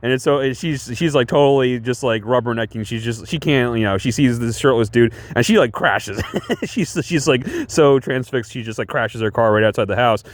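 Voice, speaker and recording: A man's voice: medium pitch, moderate pace, no room sound. Rambling man reviewing a movie. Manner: rambling, lots of fillers and restarts, chuckles often. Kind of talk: casual film review chat.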